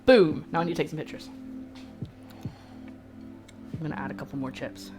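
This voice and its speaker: A woman's voice: low-pitched, moderate pace. A woman hosting a cooking livestream from her home kitchen, chatting in a rambling, self-deprecating way. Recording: music playing underneath.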